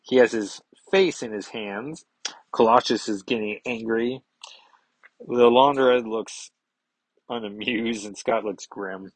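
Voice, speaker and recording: A man's voice: medium pitch, slow pace, breathy edge, no echo, poor audio. A man hosting a casual podcast, recapping a comic book in a rambling way, with many fillers and self-corrections, on a close microphone. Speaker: podcast host.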